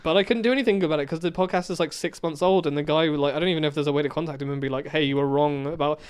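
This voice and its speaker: A man co-hosting a podcast, rambling through a story with restarts and trailing off quietly at the ends of thoughts. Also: on the high side, racing, clear, resonant tone. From England. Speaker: podcast co-host. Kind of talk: casual chat.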